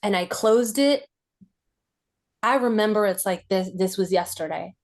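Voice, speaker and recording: Slow, reflective woman recounting a memory. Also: medium pitch. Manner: reflective and halting, with many "like" fillers. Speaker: podcast host. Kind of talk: personal recollection in a podcast interview.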